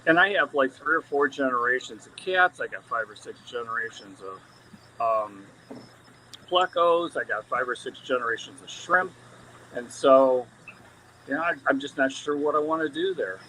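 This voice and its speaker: This fish breeder gives a tank tour from his indoor fish room, talking loosely over a live video call through the camera mic and stumbling through frequent ums and restarts. His medium-pitched voice is expressive, pushed and bright, moving at normal speed. It's a low-quality recording with a little hiss or hum.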